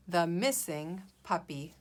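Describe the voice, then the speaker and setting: A woman's voice: fairly low pitch, lively intonation, slow. A woman teacher leading a guided reading lesson for young children, patient and encouraging, sounding out letters and words.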